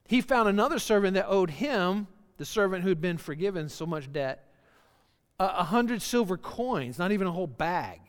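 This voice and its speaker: A man preaching a sermon as pastor, earnest and repeating phrases for emphasis. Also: sits high. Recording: long church reverb.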